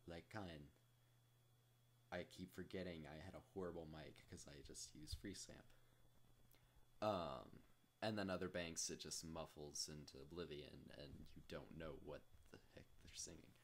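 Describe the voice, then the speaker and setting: A man casually rambling through a software tutorial, self-deprecating and full of jokey asides. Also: deep voice. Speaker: tutorial host.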